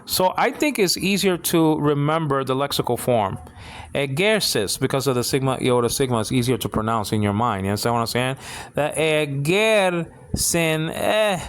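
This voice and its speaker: Male teacher leading a relaxed Bible Greek lesson; stop-start delivery with many restarts. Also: medium pitch. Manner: halting, full of restarts and repeated words; keeps asking "you understand what I'm saying?".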